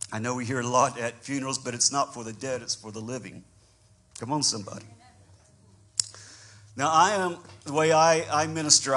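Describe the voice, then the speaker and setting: Husky-voiced man preaching a sermon. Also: medium pitch. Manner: preaching with call-and-response, swelling from soft musing to loud emphatic declarations. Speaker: pastor.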